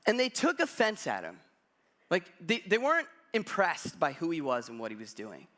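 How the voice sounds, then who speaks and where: A man preaching a sermon as pastor, telling stories in an animated way with casual asides. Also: fairly high pitch, normal speed. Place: church.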